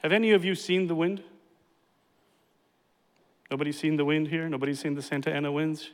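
A man's voice: on the high side, steady tone, brisk. A man pastor preaching a sermon, emphatic and repeating key phrases for effect. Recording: reverberant hall.

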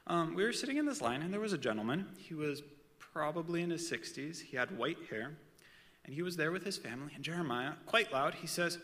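A man gives a casual sermon, chatting with his listeners and slipping in personal asides. His voice is bright and forceful. It rings out with a long reverb, as if from a large hall. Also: fairly high pitch, lively intonation, fairly quick. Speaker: preacher.

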